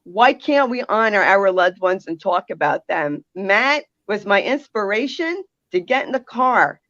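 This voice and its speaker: A woman's voice: medium pitch, lively intonation, measured pace, fairly bright tone, no echo, muffled recording. A woman with a New Jersey accent, a guest on a video call, speaking emphatically and from the heart. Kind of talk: conversational interview.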